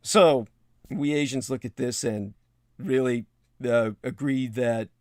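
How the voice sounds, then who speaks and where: A man's voice: mid-range voice, takes it slowly, dry recording, studio quality. A man hosting a livestream, reading news passages aloud and breaking off into wry, digressive asides with many hesitations. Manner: hesitant, with frequent filler sounds. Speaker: livestream host.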